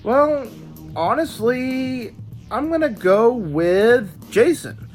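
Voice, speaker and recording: Opinionated man with a lively voice. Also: very high-pitched, drawn-out words, faint music behind. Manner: opinionated, expressive, with stammering asides. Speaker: video host reviewing dubs. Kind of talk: casual commentary.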